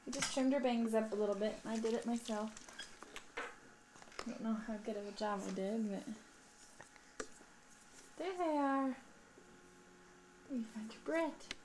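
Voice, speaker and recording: A woman, a mother filming her toddler, talks in sing-song baby talk with squeaky coaxing calls. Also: a little slow, pauses often, noisy background. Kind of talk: home video baby talk.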